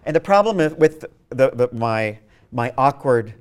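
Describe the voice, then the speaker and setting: A man's voice: mid-range voice, expressive, measured pace, smooth. A man giving a university literature lecture. He thinks aloud, often restarts and repeats words, and reads verse aloud while tapping out its meter with spoken beats.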